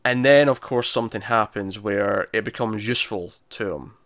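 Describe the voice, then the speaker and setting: A man's voice: lowish voice, moderate pace, a bit bright, no room sound, studio quality. A man casually recapping a TV episode with a friend, retelling scenes with many restarts and frequent laughs. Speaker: podcast co-host.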